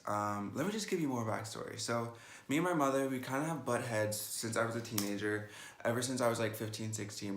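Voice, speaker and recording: Brief: young man of 18, lowish voice, sassy storytime vlogger, echoey room. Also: a bit bright, slight background noise. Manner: chatty and sassy, peppered with "like". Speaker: makeup vlogger. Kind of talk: casual storytime vlog. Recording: roomy echo.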